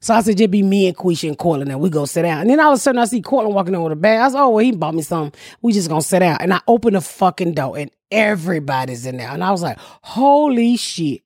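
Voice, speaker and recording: A woman's voice: on the low side, fast, few pauses, no echo, clean studio sound. A middle-aged woman, telling a story on a podcast with a lot of swearing and laughter. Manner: profane, animated storytelling with laughter. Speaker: podcast host. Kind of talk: casual storytelling chat.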